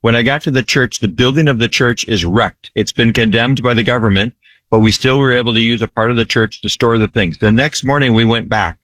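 A man's voice: medium pitch, brisk, fairly bright tone, no echo. A man who works in disaster relief ministry, telling his story earnestly in an interview, repeating phrases for emphasis and often asking "right?".

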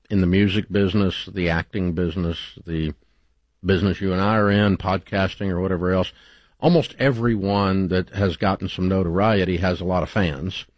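A man's voice: low-pitched, no room sound. Folksy man hosting call-in radio.

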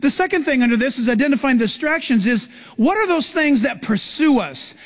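A man's voice: very high voice, expressive, a little fast. A man preaching as a pastor, telling stories animatedly and acting out the voices of people in them. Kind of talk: sermon. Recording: live sermon in a reverberant hall.

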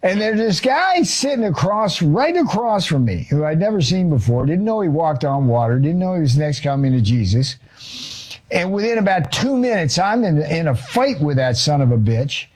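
Economist guy on a talk show, fairly high voice, animated, swears casually, does little voices for the quotes. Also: moderate pace. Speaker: guest author and economist. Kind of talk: animated storytelling in an interview.

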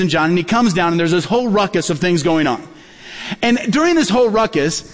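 A man's voice: sits high, in a large hall. A male pastor preaching a sermon, telling stories and acting out the dialogue in them. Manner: storytelling, acts out quoted dialogue.

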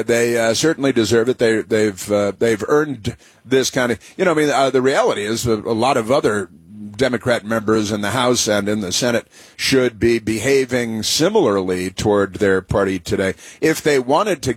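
A man hosts a talk radio show, musing sarcastically and wandering through his points with plenty of "uh"s. His voice is slightly husky and sounds dry and close to the mic. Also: mid-range voice, normal speed, no room sound. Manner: sarcastic, rambling with many fillers.

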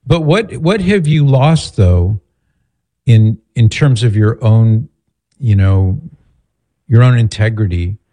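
Male call-in host; calm, counseling; deep, warm tone. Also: slow, pauses often. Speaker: radio show host. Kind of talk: call-in radio talk.

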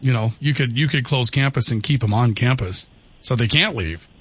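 A man's voice: mid-range voice, moderate pace, a bit bright, husky. A man hosting a call-in radio talk show, bantering and teasing his co-host and callers.

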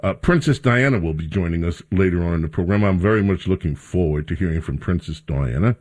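Chatty talk radio host, low voice. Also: male voice, lively intonation, fairly quick, darkish tone. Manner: sarcastic, mocking reporters in a raised voice.

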